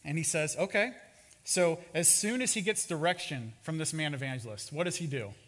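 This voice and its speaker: A man's voice: on the high side, brisk. Man preaching in an echoing hall. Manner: expressive storytelling, dramatic. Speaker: pastor. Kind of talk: sermon. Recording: reverberant hall.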